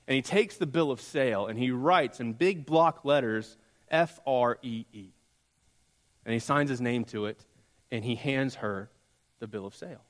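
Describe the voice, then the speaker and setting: Guy preaching a sermon, tells it slow with soft quiet drops, big echoey church sound. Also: medium pitch. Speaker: pastor. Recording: long hall reverb.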